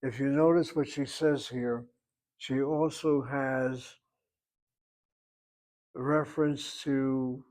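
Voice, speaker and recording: A man's voice: mid-range voice, fairly even intonation, slow, long pauses, darkish tone, rough recording. A man teaching a Hebrew grammar class, explaining step by step in an emphatic, opinionated way.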